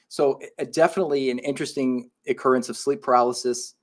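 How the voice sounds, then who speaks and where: A man's voice: medium pitch, steady tone, quick pace. A man co-hosting a live podcast, reading listener comments aloud and reacting to them. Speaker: podcast co-host. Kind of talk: casual live podcast chat.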